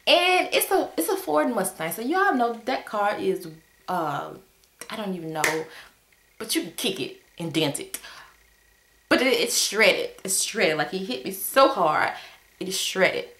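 A woman tells her viewers a story in a casual vlog, her voice leaping up and down with exasperation. Her pitch sits in a middle range but swings widely. The sound bounces around an echoey room. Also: measured pace. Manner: animated, exasperated retelling with sudden pitch jumps. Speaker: vlogger telling a story.

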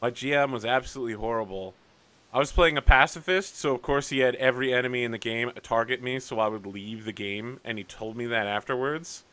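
A bright-toned man runs a tabletop game over a voice call. He talks casually and animatedly, laughing along with the players. Every so often he reads the game rules aloud. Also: medium pitch, fairly quick. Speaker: game master.

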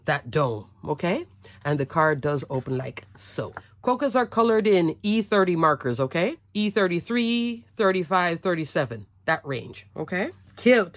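A woman's voice: fairly low pitch, fairly bright tone, dry recording. A woman showing her handmade cards in a chatty, enthusiastic craft tutorial, often checking in with "okay?". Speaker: cardmaking demonstrator.

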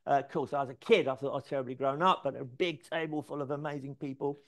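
A man, telling career stories in a lively, swearing, anecdotal way. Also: mid-range voice, fast. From London, England. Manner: lively, swears freely, acts out dialogue. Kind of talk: anecdotal storytelling talk.

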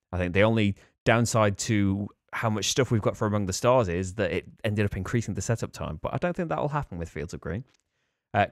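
An eager man rattles through his picks in a casual, rambling monologue, often breaking into a small laugh. His voice sits at an ordinary middle pitch for a man. The sound is dry and close, with no room echo. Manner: enthusiastic, quick, with fillers and laughs. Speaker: board game channel host.

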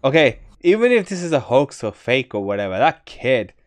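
A man's voice: mid-range voice, moderate pace. A man hosting a reaction video, exclaiming and rambling in casual commentary. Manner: excitable, rambling, exclaims often.

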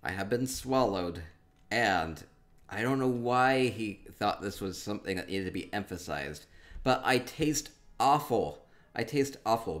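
Playful low-voiced male streamer. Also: a bit bright. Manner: playful, rambling, thinking aloud. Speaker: streamer touring player homes in a game. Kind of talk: casual live-stream commentary.

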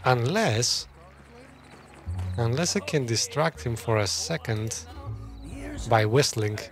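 A man casually commentating a stealth game as he plays, thinking his plans out loud. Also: mid-range voice, takes it slowly, faint music behind. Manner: thinking aloud, muttering plans to himself. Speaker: gameplay commentator. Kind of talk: casual let's-play commentary.

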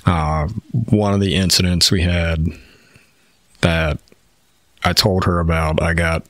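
A deep, low-pitched man talks frankly and at length, with plenty of fillers and the odd curse. The sound is dry and close, with no room around it. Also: fairly even intonation, slow, a bit bright, no room sound. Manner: rambling, frank, swears often, many fillers. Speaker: podcast guest, firefighter. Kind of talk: candid storytelling.

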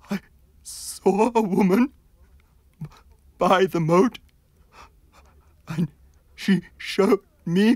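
A man voicing a frightened young man in a storybook reading, gently pleading at first, then gasping and stammering in terror. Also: fairly high pitch, breathy edge, no room sound, voice pushed up, full character voice.

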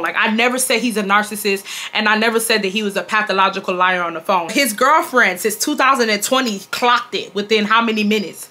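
Bright-voiced woman telling a story. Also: fairly high pitch. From Houston, Texas. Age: 20s. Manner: animated and indignant, many "like" fillers. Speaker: vlogger. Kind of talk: storytime vlog.

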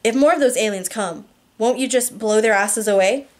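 A woman's voice: a little high, normal speed, darkish tone, close to an everyday voice. A woman voicing a brash, streetwise teenage girl who talks bluntly and mockingly, firing off questions. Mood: sassy.

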